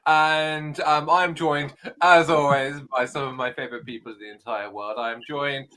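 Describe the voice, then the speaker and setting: Bright-voiced, rambling British podcast host. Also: male voice, on the high side, fairly even intonation, moderate pace. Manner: playful, rambling, flustered asides. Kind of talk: casual chat.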